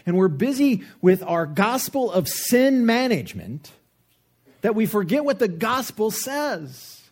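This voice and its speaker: A man preaching a sermon, joking and animated, with lots of rhetorical questions, in a church. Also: sits high, slightly rough. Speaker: pastor.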